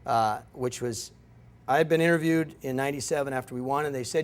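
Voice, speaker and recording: A man's voice: fairly high pitch, moderate pace, long pauses, clear, resonant tone. A middle-aged man giving a guest lecture, telling stories in a rambling, self-interrupting way. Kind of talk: storytelling lecture. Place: lecture room.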